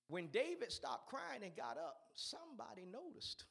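A man's voice: very high voice, huge pitch swings, moderate pace, creaky, fairly bright tone, husky. A man preaching a sermon in an emphatic, repetitive way, urging his listeners on.

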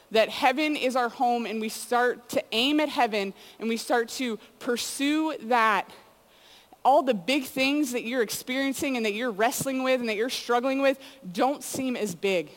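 Chatty woman preaching in echoing hall. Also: a little high. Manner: chatty storytelling with frequent "like" and "you know". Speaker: youth speaker. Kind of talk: casual sermon to students. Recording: long hall reverb.

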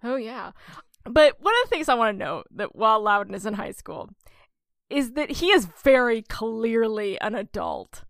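A woman co-hosting a casual podcast chat, slightly high-pitched with a gravelly edge. She tells stories with lively energy and laughs often. The sound is close and dry. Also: normal speed, no echo. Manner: animated storyteller, laughs often. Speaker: podcast co-host.

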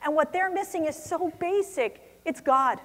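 A little slow and with a voice that sits high, a woman speaks passionately to a conference audience. Her emphatic delivery climbs to strong stresses, and the recording carries the long reverb of a large convention hall.

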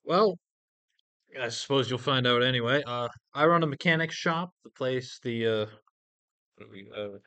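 A man speaking in character in a tabletop game, halting with many fillers. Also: mid-range voice, sharp tone. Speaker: tabletop player. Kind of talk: in-character role-play.

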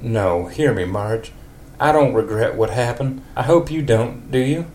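A man's voice: mid-range voice, animated, unhurried, a little mellow, a little hiss or hum, close to an everyday voice. Ned, a man doing a country drawl. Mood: reassuring. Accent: put-on rural American. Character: earnest country neighbor man, devoted.

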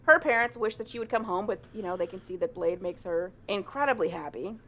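Young woman ranting thru a book recap, swears a lot, quick animated asides, casual podcast talk. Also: medium pitch. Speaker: podcast co-host. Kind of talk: casual chat recapping a romance novel.

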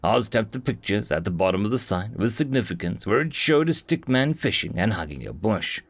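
A man narrating a fantasy novel as an audiobook, in an expressive storytelling reading. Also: fairly low pitch, a little fast.

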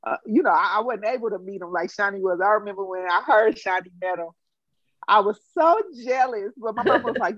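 Animated woman telling a story. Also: mid-range voice, brisk, no room sound, muffled recording. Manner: animated, acts out quotes, emotional. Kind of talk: casual storytelling.

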